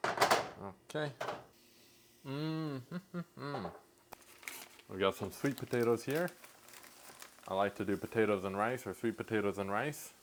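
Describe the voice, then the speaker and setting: A man's voice: fairly low pitch, a little fast, a little hiss or hum. A man chatting casually in his home kitchen while he cooks, joking and rambling with mock confidence and poking fun at himself. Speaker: home cook vlogger. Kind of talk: casual cooking vlog.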